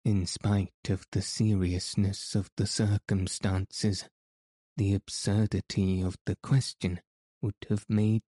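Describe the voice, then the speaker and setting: A man reading a novel aloud as an audiobook narrator, in a measured, even manner. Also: fairly low pitch, no room sound. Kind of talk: scripted narration.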